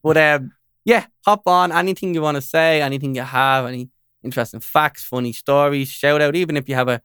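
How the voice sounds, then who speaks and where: A man's voice: on the high side, fairly even intonation, a little fast, fairly bright tone, smooth, dry recording, clean studio sound. A man with an Irish accent hosting a podcast, chatting in an upbeat, eager way and often repeating his agreement. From Ireland. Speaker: podcast host. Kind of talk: casual chat.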